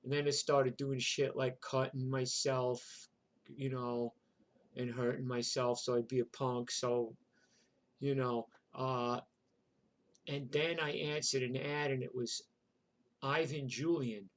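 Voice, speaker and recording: A man's voice: medium pitch, little pitch movement, slow. A man tells his life story in a rambling, profane way, full of "like" and "you know". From New York. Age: 60s. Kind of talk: casual spoken memoir.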